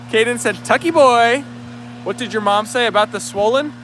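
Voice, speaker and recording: A man hosts a dog livestream outdoors, reading viewer comments aloud in an upbeat, easygoing live chat. His very high-pitched, fairly bright voice moves a little slowly with long pauses, and there's a little hiss or hum.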